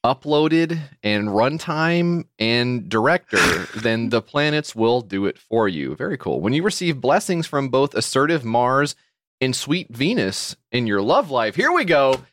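A man trades crude, playful jokes as a podcast co-host. His pitch swings wildly between deep grumbles and high squeaks. The sound is dry and close. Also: sing-song, measured pace, fairly bright tone, no echo. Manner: joking, crude, playful teasing. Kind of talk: casual comedic banter.

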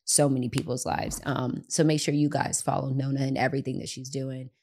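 A young woman hosting a casual, heartfelt podcast conversation. Her voice sits very low for a woman. She gushes and circles back over her own words as she talks. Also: level tone, a little fast, vocal fry, darkish tone, slight background noise. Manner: effusive, repeats herself and restarts. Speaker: podcast host.

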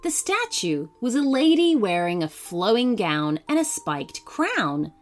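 A woman narrating a children's bedtime story gently, putting on voices for the characters. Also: mid-range voice, sing-song, unhurried. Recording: faint music behind.

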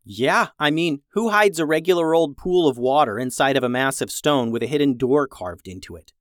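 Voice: mid-range voice, lively intonation, moderate pace, no echo, clean studio sound, natural voice. Give me a storyteller playing a reluctant, wry boy with a grumbling tone, storybook style. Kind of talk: storybook reading.

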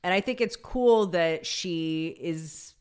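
A woman co-hosts a casual podcast chat. She talks in a lowish voice and works through her opinions aloud, with plenty of "like" and "you know". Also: takes it slowly, clear, resonant tone. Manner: opinionated, thinks aloud with fillers. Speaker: podcast co-host.

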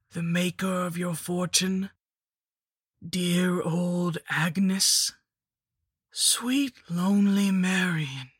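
A woman voicing a rotting, ancient female lich in a whispered role-play, with a slow, mocking, wheezing whisper. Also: fairly low pitch, fairly bright tone, slightly rough, dry recording, studio quality, pitched above the performer's own voice, full character voice. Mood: gloating. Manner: slow, sing-song and mocking.

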